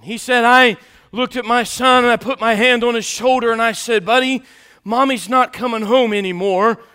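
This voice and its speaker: A man preaching an Easter sermon, moving between hushed storytelling and fervent, raised passages. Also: very high-pitched, fairly even intonation, normal speed, clear, resonant tone. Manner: dynamic preaching, swinging from hushed to shouting.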